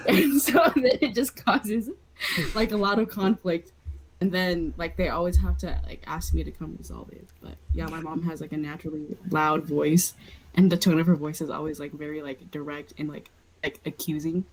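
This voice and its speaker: A woman's voice: low voice, steady tone, normal speed, low-quality recording. A young woman co-hosting a student podcast, chatting casually with a lot of fillers. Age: young adult. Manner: chatty, many fillers, acts out quotes. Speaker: podcast co-host. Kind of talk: casual chat.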